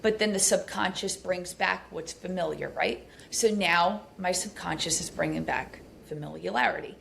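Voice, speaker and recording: A woman appearing as a podcast guest rushes through a painful personal story, speaking candidly with many fillers, her pitch rising as she relives her anger. Her voice is gravelly and a bit bright, with a slight hiss or hum in the recording.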